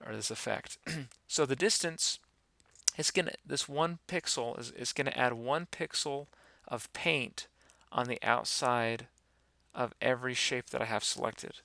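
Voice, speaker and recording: Gravelly man teaching a software tutorial. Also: medium pitch, measured pace, no room sound. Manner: relaxed, rambling, many fillers. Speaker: animation instructor. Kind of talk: screen-recorded software tutorial.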